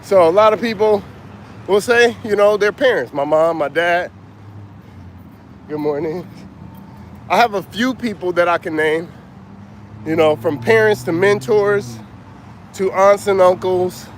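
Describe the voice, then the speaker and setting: Breathless high-voiced man coaching outdoors. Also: measured pace, pauses often. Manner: casual, reads out viewer names. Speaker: motivational coach. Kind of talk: outdoor livestream talk. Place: outdoors by a street. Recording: faint street noise outdoors. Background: traffic.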